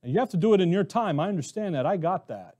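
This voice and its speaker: High-voiced man preaching with rhetorical questions. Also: animated, fast, warm tone. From Arizona, US. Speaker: pastor. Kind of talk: sermon.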